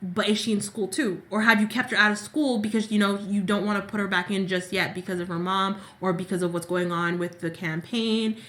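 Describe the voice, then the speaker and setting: A woman's voice: mid-range voice, fairly even intonation, a little fast, few pauses, fairly bright tone. A woman co-hosting a casual soap opera recap, talking in long, exasperated run-on rants. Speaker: podcast co-host.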